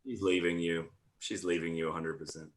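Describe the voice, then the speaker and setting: A man's voice: sits low, level tone, brisk, low-quality recording. A man joining a live online chat as a guest over a video call, teasing the hosts with brash banter. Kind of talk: casual chat.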